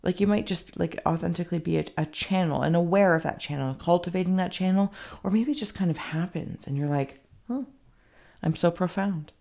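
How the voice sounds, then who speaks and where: A woman's voice: fairly low pitch, fairly quick, creaky, a little mellow. A woman giving a casual psychic reading, rambling and thinking aloud with many fillers and some self-mocking asides. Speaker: psychic reader. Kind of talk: casual spoken intuitive reading.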